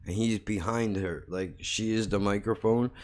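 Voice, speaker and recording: A man's voice: fairly low pitch, steady tone, moderate pace, darkish tone. A man hosting a podcast, telling a story in a blunt, heavily profane, casual comedic way and mocking himself as he goes. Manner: self-mocking, laughs at his own jokes. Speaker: podcast host.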